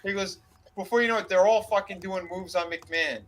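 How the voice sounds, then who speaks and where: A man's voice: high-pitched, a little fast, a bit bright, rough recording. A man casually retelling a backstage story on a wrestling discussion podcast, swearing freely and slipping into quoted voices. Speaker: podcast co-host.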